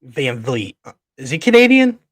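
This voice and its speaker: A man hosting a podcast in an unfiltered, profanity-laced rant, voice sitting at a middling pitch. The sound is dry and close, with no room around it. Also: big pitch swings, normal speed, dry recording. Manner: profane, blunt ranting. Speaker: podcast co-host. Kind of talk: casual chat.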